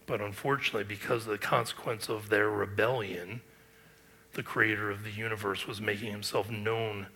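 A man's voice: fairly low pitch, bright, forceful tone. A man preaching a sermon, earnest and emphatic, with rhetorical questions. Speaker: pastor.

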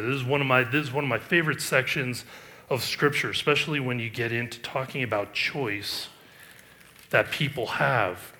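A middle-aged male pastor preaching a sermon, reading scripture aloud and commenting on it with emphatic rises and quiet asides. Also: medium pitch.

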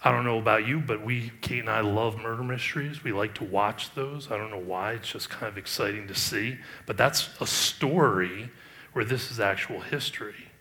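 In a lowish voice at a moderate pace, a middle-aged pastor delivers a sermon, reading scripture aloud and commenting as he goes. His remarks rise emphatically at times and fall to quiet asides at others.

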